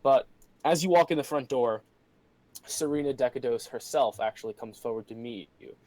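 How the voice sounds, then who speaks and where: A man's voice: medium pitch, moderate pace, warm tone, no echo, rough recording. Casual man narrating as game master. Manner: casual, hesitant, many fillers. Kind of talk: narrating a tabletop role-play game online.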